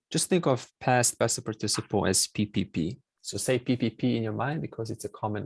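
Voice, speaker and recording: A man's voice: on the low side, gravelly, breathy edge, no echo. A man teaching a Sanskrit class online, explaining step by step and repeating key words with many fillers.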